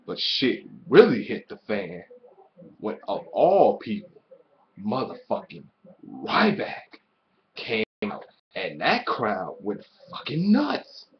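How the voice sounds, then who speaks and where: A man giving a casual, profanity-heavy wrestling show review, ranting excitably and swearing constantly. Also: mid-range voice, lo-fi sound.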